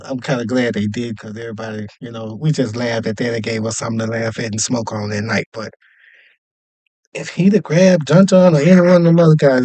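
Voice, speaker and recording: A man telling a story in a casual, animated and profane way, often checking in with "you know what I mean". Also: mid-range voice, no echo. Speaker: podcast host telling a story.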